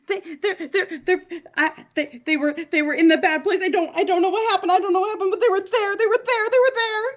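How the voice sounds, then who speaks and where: A woman's voice: very high voice, fast talker, few pauses, voice pushed up. A woman playing a sobbing, hysterical young woman. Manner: sobbing, stammering, breathless. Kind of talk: tabletop role-play in character.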